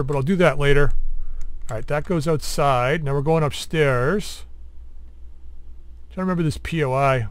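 A man casually commenting while playing a survival game, rambling, mumbling to himself and teasing the zombies. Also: medium pitch. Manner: mumbling while doing two things at once. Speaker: gaming channel host. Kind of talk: casual let's-play commentary.

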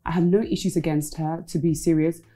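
A woman's voice: deep voice, steady tone, a little fast, warm tone, soft background music, rough recording. A woman, a former reality show contestant, talking frankly in a casual interview and slipping Igbo phrases into her English.

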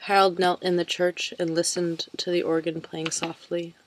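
A woman calmly reading a novel aloud, unhurried, sometimes dropping to a soft whisper. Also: fairly low pitch, a little hiss or hum, poor audio. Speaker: reader.

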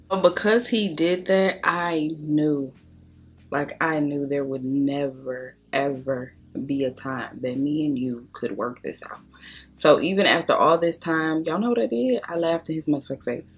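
A young woman with a low, husky voice chats through her makeup routine. She tells her story bluntly and with plenty of swearing, and she speaks straight to the people watching. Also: normal speed. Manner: blunt, profane, animated storytelling; talks straight to viewers. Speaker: makeup vlogger. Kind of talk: storytime chat during makeup tutorial.

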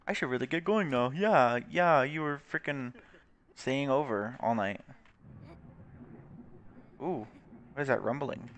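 A man's voice: medium pitch, a little slow, pauses often, fairly bright tone, a little hiss or hum. A young man chatting casually and bluntly while he plays a life-sim game, with frequent swearing. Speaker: gaming channel host. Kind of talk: casual gameplay commentary.

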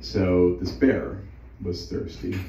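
A man's voice: low voice, steady tone, takes it slowly, dark tone, slight background noise. A man telling a long shaggy-dog joke at an open mic, playfully acting out a roaring bear and a pleading bartender. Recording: distant roomy lo-fi live recording.

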